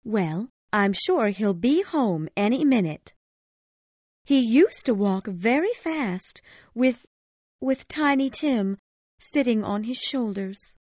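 A woman voicing a gentle, cheerful mother in a grieving family, speaking softly and steadily in a storybook reading. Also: a little high, sing-song, takes it slowly, no room sound. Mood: tender. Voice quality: soft and cheerful.

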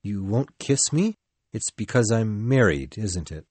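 An actor playing a brooding, passionate middle-aged lover in an audio drama, speaking intensely and pleadingly. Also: male voice, fairly low pitch, animated, a little slow, a little mellow, husky, no echo. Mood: bitter, pleading.

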